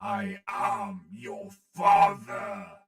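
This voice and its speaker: A man voicing a menacing, commanding armored villain, with reverb from his audio setup on a slow, gravelly, booming delivery. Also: very animated, a bit bright, faint music behind, heavily acted.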